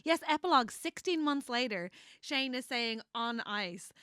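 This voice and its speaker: A woman co-hosting a podcast, chatting casually about a book. Her voice is bright and pitched a little high, with a dry, close sound. She laughs often and acts out the characters' lines as she goes. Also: lively intonation, takes it slowly, clean tone, no echo. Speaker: podcast co-host.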